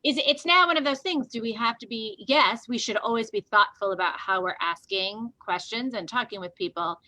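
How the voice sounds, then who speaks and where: A woman's voice: fairly high pitch, brisk, sharp tone, dry recording. A woman co-hosting a casual discussion, thinking aloud and searching for her words as she goes. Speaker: co-host.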